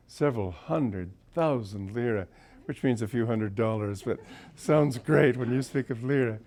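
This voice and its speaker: An older man in his seventies gives a relaxed spiritual talk, warmly telling stories and chuckling now and then. His throat is sore and slightly rough. His voice sits at an ordinary middle pitch for a man. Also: measured pace. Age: 70s. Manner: genial storyteller, often chuckling. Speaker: spiritual teacher. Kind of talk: informal spiritual talk with anecdotes.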